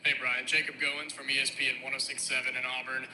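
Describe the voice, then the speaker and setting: A man's voice: mid-range voice, level tone, quick pace, bright, forceful tone, low-quality recording. A man, a sports radio reporter, asking a long, winding question at a press conference.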